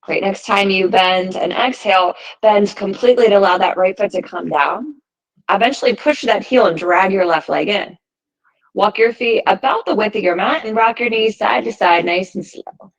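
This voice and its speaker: A woman teaching a yoga class, giving calm, encouraging cues timed to the breath. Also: medium pitch, normal speed, rough recording. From United States. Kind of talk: guided yoga class instruction.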